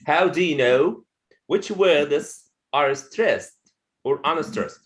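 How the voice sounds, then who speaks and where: A man teaches pronunciation over a video call, speaking slowly and drawing words out one at a time. His voice sits a little high and swings up and down a lot as he stresses syllables, and he often repeats phrases for his class. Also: rough recording.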